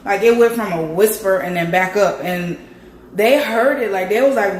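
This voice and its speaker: Woman, raspy deep voice, hoarse, chatty vlogger, echoey room, faint noise. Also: moderate pace. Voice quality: raspy, deep from sore throat. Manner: chatty, talks straight to viewers. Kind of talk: casual vlog chat.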